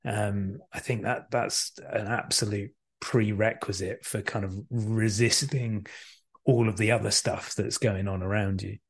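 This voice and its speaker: A man's voice: fairly low pitch, steady tone, unhurried, vocal fry, breathy edge. A man in his thirties, a podcast guest, talking reflectively and telling anecdotes with many restarts. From England. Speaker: podcast guest, actor and director. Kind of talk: conversational storytelling.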